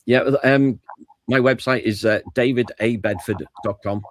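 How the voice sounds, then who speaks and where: A man's voice: mid-range voice, moderate pace, no room sound, low-quality recording. A man with a British accent, a guest author chatting casually in a remote interview. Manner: relaxed, chatty, hesitant restarts. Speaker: guest author and historian of a famous band. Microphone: video call.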